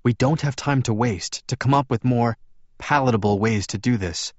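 A man voicing a calm doctor who explains things in a measured way. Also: mid-range voice, no room sound, dull audio, pitched above the performer's own voice, close to an everyday voice.

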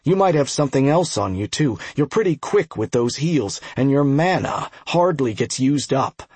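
A man's voice: lively intonation, moderate pace, a little mellow, breathy edge, dry recording. A man playing a weary veteran rogue. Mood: warning. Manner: tired, low-voiced. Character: tired veteran male dagger fighter, wary.

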